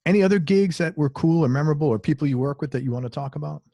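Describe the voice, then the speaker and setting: Relaxed enthusiastic male interviewer. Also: a little high, very fast, creaky, no echo. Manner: relaxed, enthusiastic, says man and like a lot. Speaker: interview host. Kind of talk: casual interview.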